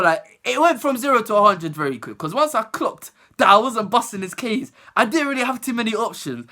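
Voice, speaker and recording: A young woman tells a story to camera, her pitch leaping around in an animated, lively way. The tone is bright and clear, and she breaks into laughter as she goes. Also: quick pace, hardly any pauses. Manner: animated, laughing, acts out other people's voices. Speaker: vlogger. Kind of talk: storytime vlog.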